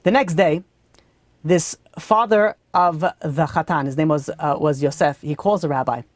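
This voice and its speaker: A man's voice: fairly high pitch, moderate pace, no room sound. A man, a rabbi teaching a weekly class, telling a story conversationally with many fillers and acting out the dialogue. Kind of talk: storytelling lesson.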